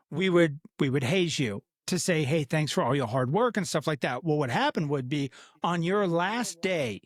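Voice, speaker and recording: A man's voice: fairly high pitch, no echo, studio quality. A man in his fifties co-hosting a podcast, chatting bluntly and swearing casually. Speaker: podcast co-host. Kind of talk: casual chat.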